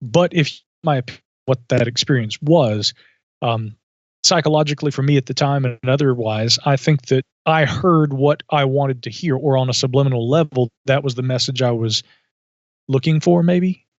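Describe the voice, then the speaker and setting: A man as a podcast guest, telling a story in a thoughtful, measured way with asides and self-corrections. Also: medium pitch, no room sound. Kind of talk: reflective storytelling in conversation. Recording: dull lo-fi audio.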